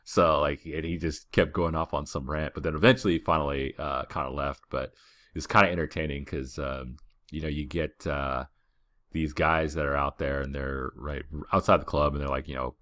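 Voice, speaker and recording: A young man with a strikingly deep, low voice tells a travel story in a loose, laid-back way, full of fillers and restarts. The sound is close and dry, with no room behind him. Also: steady tone, brisk, a bit bright, no room sound. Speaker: podcast host.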